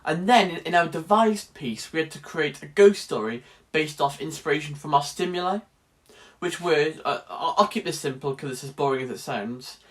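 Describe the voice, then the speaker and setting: A man's voice: fairly high pitch, expressive, moderate pace. A young man in his late teens chatting wryly in a casual vlog about his drama course. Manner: chatty and wry, restarts sentences. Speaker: drama student vlogger.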